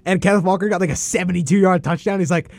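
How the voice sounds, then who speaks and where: A young man co-hosting a college sports radio show, an animated storyteller quick with banter. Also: sits high, creaky, no echo. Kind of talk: casual sports chat.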